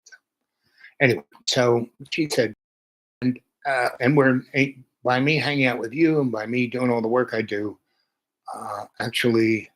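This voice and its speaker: A man's voice: medium pitch, low-quality recording. A man in his seventies telling rambling personal stories in a chatty, meandering way. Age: 70s. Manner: meandering, chatty, jumps between thoughts. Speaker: channel host.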